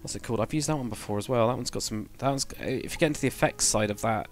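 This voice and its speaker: A man's voice: medium pitch, very fast, soft background music. A man casually chatting on a game livestream, thinking aloud while building and answering chat. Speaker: game streamer.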